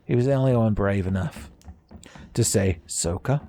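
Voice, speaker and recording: Joking man with a slightly raspy voice. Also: on the low side, moderate pace, warm tone, slight background noise. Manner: joking, laughs at his own asides. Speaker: gaming commentator. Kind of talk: casual let's-play commentary.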